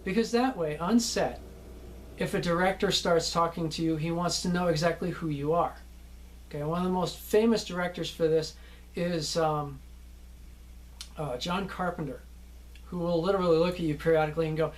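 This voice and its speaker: A man's voice: on the high side, steady tone, normal speed. A middle-aged man teaching acting students in a casual, rambling lecture, often ending lines with "okay?".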